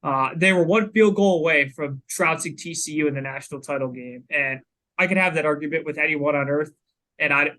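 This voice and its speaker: Bright-voiced man chatting about sports. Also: fairly high pitch, fairly quick, poor audio. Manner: chatty, lots of "you know" fillers. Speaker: podcast co-host. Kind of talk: casual sports podcast talk.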